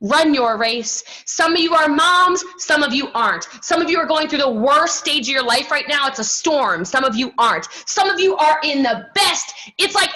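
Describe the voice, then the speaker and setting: A woman with a high, bright voice gives a fired-up motivational pep talk. She is sassy and animated, and throws in quick asides to her listeners. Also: low-quality recording. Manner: animated and sassy, acts out other people's voices; emphatic, many "okay?" and "right?" asides. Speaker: motivational speaker at a team training.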